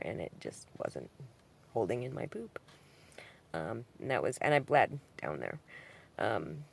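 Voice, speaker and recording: A woman's voice: extremely low pitch, creaky. A woman talking in a casual, rambling vlog monologue at home, full of ums and likes, swinging from subdued to heated. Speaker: vlogger answering a comment. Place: at home with her cat.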